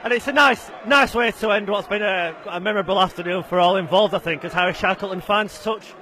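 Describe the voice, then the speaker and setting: Bright chatty co-commentator, man. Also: high-pitched, steady tone, fairly quick, a little hiss or hum. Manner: chatty and self-mocking. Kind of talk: live rugby league colour commentary.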